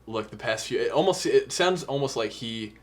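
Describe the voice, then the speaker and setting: A young man co-hosts a podcast, chatting about songs casually but with real earnestness and emotion, even quoting lyrics. His voice sits at medium pitch, moves at normal speed, and has lively intonation.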